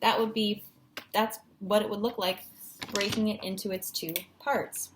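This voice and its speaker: A woman's voice: medium pitch, level tone, unhurried, background noise. A woman teacher giving a patient, encouraging phonics lesson at a whiteboard, sounding out syllables.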